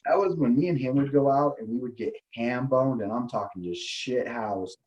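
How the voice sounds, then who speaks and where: A man's voice: mid-range voice, moderate pace, darkish tone, lo-fi sound. A man telling stories in a casual chat, swearing freely and laughing often. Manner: loose storytelling with lots of swearing and laughter. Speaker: guest.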